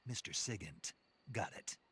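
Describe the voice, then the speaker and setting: Gruff dry soldier spy, deep raspy game voice. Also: male voice, animated, a little slow, a bit bright, full character voice. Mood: terse. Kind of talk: video game dialogue.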